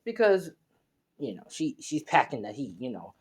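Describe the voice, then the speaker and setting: A man's voice: medium pitch, wildly swooping pitch, moderate pace, slightly rough. A young man narrating a fan story casually, in a rambling, slangy way. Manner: rambling, slangy, many fillers and restarts.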